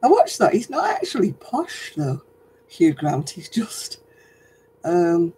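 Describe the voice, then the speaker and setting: A man's voice: sits high, huge pitch swings, takes it slowly, dark tone, slight background noise, low-quality recording. An older man hosting a casual livestream chat, talking in a rambling, chatty way and laughing often. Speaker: host.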